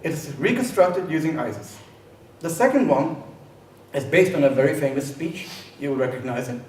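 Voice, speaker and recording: A man, a composer, explaining his pieces in a relaxed live lecture, pausing often with fillers. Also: fairly high pitch. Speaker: composer presenting his works. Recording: echoey room, voice from a distance, faint noise.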